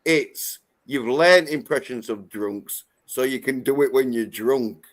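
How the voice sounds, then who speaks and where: A man's voice: mid-range voice, unhurried. A man in a mid-range voice hosting a casual livestream panel. He needles his guest and swears freely. He says the same jab over and over. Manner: teasing, crude, repeats himself. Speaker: livestream host.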